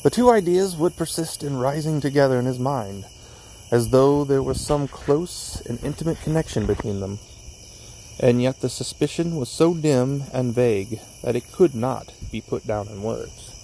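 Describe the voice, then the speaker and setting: Gravelly man reading a story outdoors. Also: medium pitch, animated, dark tone, slight background noise, low-quality recording. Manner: unhurried reading with small slips it corrects. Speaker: narrator. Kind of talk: reading a classic story aloud. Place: outdoors in a cemetery at night.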